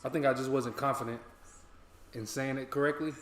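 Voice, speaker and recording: Excitable American guy, roomy sound. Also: mid-range voice, a little fast. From United States. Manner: excitable, swears freely, reads chat aloud and reacts. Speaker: co-host of a footy watch-along. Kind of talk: casual reaction chat. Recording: roomy echo.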